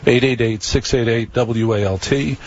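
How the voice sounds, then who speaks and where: A man's voice: mid-range voice, fairly even intonation, moderate pace, muffled recording, background noise. A man hosting a late-night radio talk show, rambling wryly through a monologue to listeners. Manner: wry, conversational, repeats phone number.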